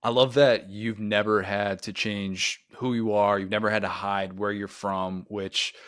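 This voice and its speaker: A man hosting a podcast, asking interview questions in a relaxed, conversational way. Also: on the low side, measured pace, smooth, no room sound, clean studio sound. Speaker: podcast host.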